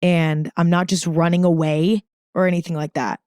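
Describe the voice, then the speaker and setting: A woman's voice: on the low side, little pitch movement, normal speed, darkish tone, clear, resonant tone, dry recording. Young female podcast host, casual and earnest, filler-heavy, swears freely; dry close-mic sound. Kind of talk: casual solo podcast monologue.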